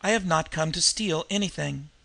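A man reading an audiobook, voicing a cool, debonair young gentleman thief who speaks wearily and with dry politeness. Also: on the high side, creaky. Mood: weary. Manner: weary, unhurried, drily polite. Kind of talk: audiobook character voice.

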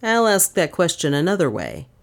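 A woman's voice: on the low side, wildly swooping pitch, normal speed, creaky, full character voice. A woman voicing a hard, remorseless male police detective who questions people menacingly. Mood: stern.

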